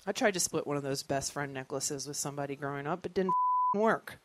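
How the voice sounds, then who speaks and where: Stand-up comedian, thirties, animated storyteller who acts out other voices. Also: mid-range voice, fast talker, background noise.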